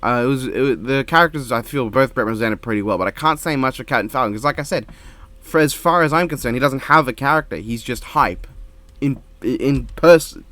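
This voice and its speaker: Quiet monotone man, dry close sound. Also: medium pitch, brisk, no room sound. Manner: quiet monotone delivery, rambling with restarts. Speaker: reaction video creator. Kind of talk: casual reaction commentary. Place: home. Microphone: desk microphone.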